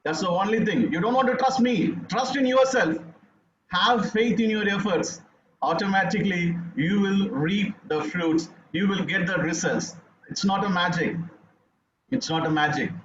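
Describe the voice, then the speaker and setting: A man with an Indian English accent giving an earnest, rousing testimonial on a video call, halting with fillers. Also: sits high, fairly bright tone, slight background noise. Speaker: speaker on a launch call. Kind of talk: motivational testimonial. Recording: echoey, dull video call audio.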